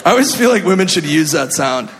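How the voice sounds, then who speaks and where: A male stand-up comedian from Minnesota, telling a story in an animated, exaggerated way with sudden shouts. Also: fairly high pitch, fast talker. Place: comedy club stage. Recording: echoey club, audience laughter and noise.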